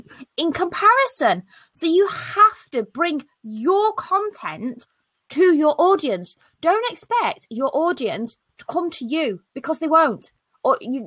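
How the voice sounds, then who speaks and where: A British woman hosts a live stream over a video call, and her voice rides high and swings widely as she talks. She sounds bright and brash, cracking jokes and throwing in mild swears. The sound is dry and close, with no room behind it. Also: no room sound. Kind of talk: casual live stream chat.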